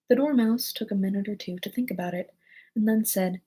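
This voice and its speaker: A woman's voice: medium pitch, a little fast, warm tone, slightly rough, rough recording. A woman reading a storybook aloud in a casual way, now and then correcting a slip. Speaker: reader.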